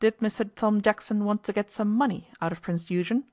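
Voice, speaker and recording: A woman's voice: mid-range voice, fairly quick, darkish tone, close to an everyday voice. A woman reading as a bold young American woman interrogator. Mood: pressing. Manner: cool, pressing, commanding.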